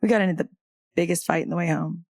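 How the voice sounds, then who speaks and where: A woman's voice: lowish voice, steady tone, quick pace, darkish tone, no room sound. A woman guest on a podcast telling a personal story of loss in casual conversation, candid, with wry humor breaking through the grief.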